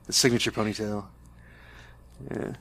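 A man's voice: fairly low pitch, little pitch movement, normal speed, fairly bright tone, dry recording. Man, podcast co-host, casual movie talk, jokey, dry close sound. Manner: joking, laughs often. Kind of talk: casual movie-review chat.

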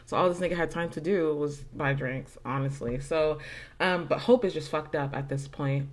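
A young adult woman hosts a podcast and tells a personal story, chatting casually, swearing freely and leaning on lots of fillers. Her voice is deep and her speed is normal.

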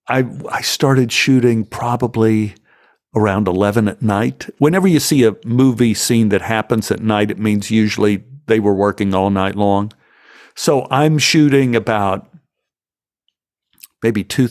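A man, an actor guest, telling stories from film sets in an interview, emotional and animated, with frequent restarts. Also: fairly low pitch. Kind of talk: anecdotal storytelling in an interview.

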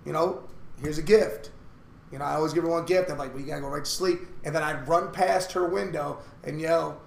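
Roomy-sounding high-voiced storytelling man. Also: a little fast, creaky. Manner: animated, swearing, acts out quotes. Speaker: podcast co-host. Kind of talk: casual storytelling chat. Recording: roomy echo with faint ambience.

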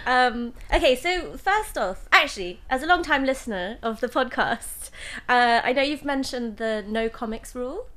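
Guest, English woman; slightly high, animated voice; giggly delivery. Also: moderate pace, hardly any pauses. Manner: giggly, reads prepared questions. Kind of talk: casual chat.

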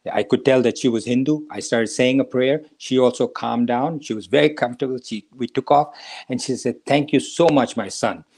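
An older man in his seventies, a doctor hosting a talk show, with a voice of ordinary pitch. He tells a personal story step by step at an easy pace and stops now and then to ask himself questions and answer them. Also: a little mellow. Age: 70s. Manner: unhurried anecdotal storytelling with rhetorical questions. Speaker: podcast host, doctor.

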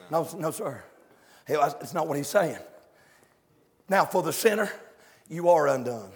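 A male preacher, shouting and chanting a fiery revival sermon in a church, with calls to the congregation. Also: on the high side, husky. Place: church sanctuary. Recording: echoey sanctuary with long reverb.

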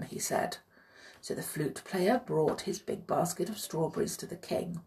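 A woman reading a children's story aloud, expressive and hushed in places. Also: fairly low pitch, measured pace. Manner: expressive, hushed and breathy at times.

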